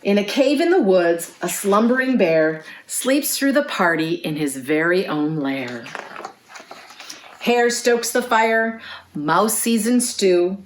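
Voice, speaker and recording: A youth librarian reads a picture book aloud to young children, shaping each line expressively. She takes the words very slowly, giving each one room. Her voice sits at an everyday middle pitch. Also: a little hiss or hum. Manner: slow, expressive read-aloud with sing-along songs. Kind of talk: children's storytime reading.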